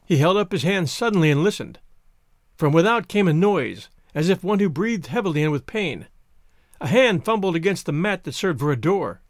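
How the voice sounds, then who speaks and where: A man reading a short story aloud in an expressive, dramatic narration. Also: sits high, moderate pace, no echo, clean studio sound. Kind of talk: scripted narration.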